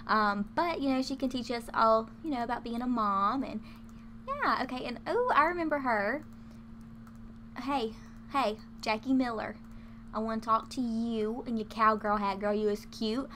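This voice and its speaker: A woman's voice: a little high, fairly bright tone, a little hiss or hum. A young woman giving casual, chatty commentary while playing a life-simulation game, giggling often and calling her viewers "y'all". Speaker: gaming YouTuber. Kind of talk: casual let's-play commentary.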